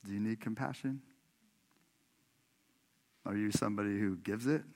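A man's voice: on the low side, normal speed, a little mellow. A man from Washington state, a pastor preaching a sermon in a church, telling a personal story in a chatty way and often laughing as he talks to the congregation. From Washington state, USA. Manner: conversational, laughs often, addresses congregation directly. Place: church sanctuary.

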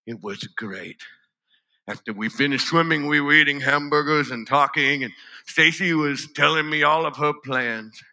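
A man performing a dramatic spoken-word monologue, emotional and swinging from loud to hushed. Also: fairly high pitch, normal speed.

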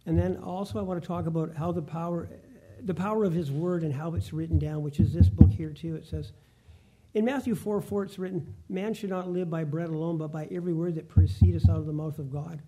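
Dark-voiced man teaching from the Bible. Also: fairly high pitch, fairly even intonation. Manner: reads verses slowly and deliberately, with restarts. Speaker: preacher. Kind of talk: Bible teaching, reading scripture aloud.

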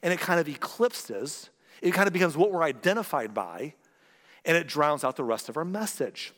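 A fairly high-voiced man preaching in a church, his sermon ringing through the long reverb of a large hall. He keeps it conversational and animated, slipping in joking asides and little impressions of other people. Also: normal speed. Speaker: pastor.

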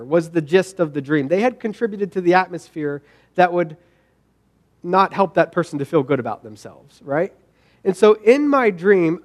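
High-voiced man preaching a sermon. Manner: conversational, with repeated restarts and asides to the congregation. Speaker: pastor.

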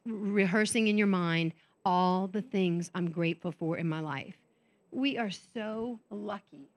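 A middle-aged woman speaking at a faith conference, talking conversationally and acting out the voices in her own head. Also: a little high. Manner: animated, conversational, acts out inner voices. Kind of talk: motivational faith talk to an audience. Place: conference stage.

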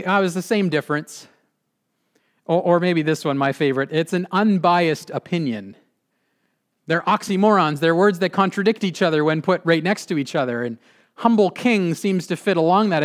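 A male pastor delivering a sermon in an earnest way, slowing for emphasis and dropping quiet at the ends of points. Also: fairly high pitch. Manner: earnest, with slowed emphatic phrasing and drops to a quiet close.

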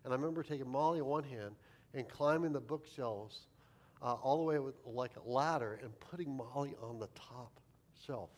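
A man's voice: mid-range voice, moderate pace, darkish tone. A man preaching as a pastor, telling a humorous, self-deprecating childhood story in a sermon.

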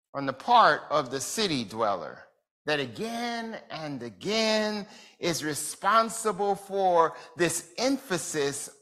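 Bright-voiced pastor preaching slowly. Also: male voice, on the high side. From Jamaica. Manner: measured preaching with rhetorical questions. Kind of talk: sermon lecture.

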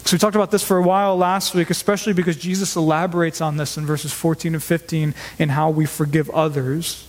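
A man's voice: fairly high pitch, fairly even intonation, fairly quick. A man preaching a sermon as pastor, speaking earnestly and emphatically and often repeating words for stress. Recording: long hall reverb.

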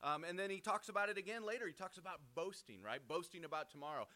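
A man's voice: high voice, lively intonation, quick pace, sharp tone. A man giving a casual Bible teaching, conversational, often checking in with "right?" and restarting his words. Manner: frequent restarts and repeated words.

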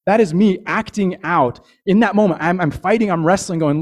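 A man's voice: high-pitched, brisk, hardly any pauses, darkish tone. Male pastor, earnest sermon delivery, conversational, repeats words, checks in with the congregation.

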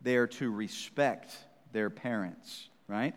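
Conversational, teasing preacher in a hall. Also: male voice, on the low side, slow pace. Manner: conversational, teasing, frequent "right?" check-ins. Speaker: pastor. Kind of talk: sermon. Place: church. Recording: reverberant church hall.

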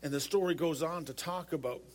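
A man's voice: on the high side, a little fast, a little mellow. Earnest man preaching a sermon. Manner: earnest, repeats words when restarting. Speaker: pastor.

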